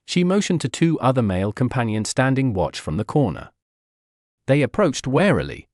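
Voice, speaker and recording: Guy reading fanfic out loud, dramatic, lively pitch, dry close mic. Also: moderate pace, no room sound. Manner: dramatic, expressive. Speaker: audiobook narrator.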